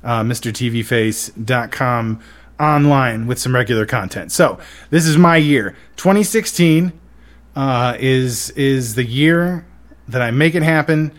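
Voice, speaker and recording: A man hosting a casual podcast, excitable and rambling, with many fillers. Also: mid-range voice, unhurried. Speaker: podcast host.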